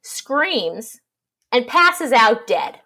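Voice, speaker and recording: A woman's voice: a little high, big pitch swings, very slow, pushed and bright. Irreverent woman casually recapping a plot. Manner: irreverent, swears freely, plot summary with jokes. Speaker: podcast co-host. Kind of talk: casual book discussion chat.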